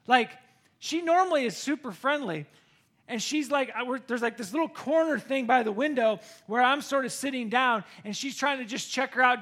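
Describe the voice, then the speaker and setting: Animated high-voiced American pastor. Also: male voice. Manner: animated storytelling, rising to excited bursts. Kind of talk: sermon with personal story.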